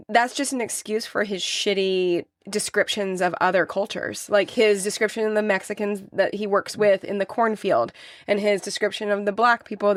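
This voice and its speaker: A woman with an ordinary middle pitch gives blunt, frank opinions in casual podcast chat, cutting in with short agreements. Her voice sounds dry and close to the mic. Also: no echo. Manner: blunt, quick agreeing interjections. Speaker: podcast co-host. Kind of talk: casual book-discussion chat.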